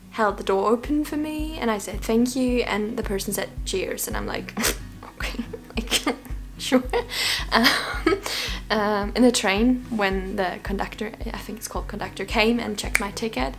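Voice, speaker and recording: A woman's voice: mid-range voice, moderate pace. A young woman from Germany with a German accent, chatting casually in a vlog, laughing often and acting out what people said. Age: young adult. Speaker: vlogger.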